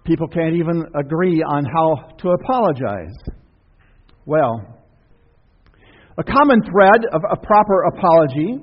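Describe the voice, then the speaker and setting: A man preaching a sermon as pastor, folksy and conversational, with asides and questions to the congregation. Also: fairly high pitch. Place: church sanctuary. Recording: dull sound with long church reverb.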